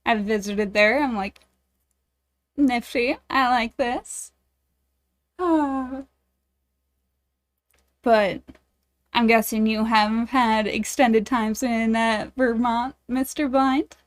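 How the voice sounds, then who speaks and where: Bubbly streamer woman, higher voice. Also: fairly even intonation, slow pace, pauses often. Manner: bubbly, giggly, self-deprecating. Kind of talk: reading a dating game aloud, chatting with viewers.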